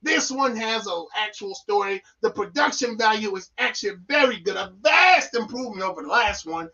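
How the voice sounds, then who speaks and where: A man's voice: sits high, expressive, normal speed, bright, forceful tone, dull audio. A man reviewing a film on a casual live stream, rambling with playful, goofy asides.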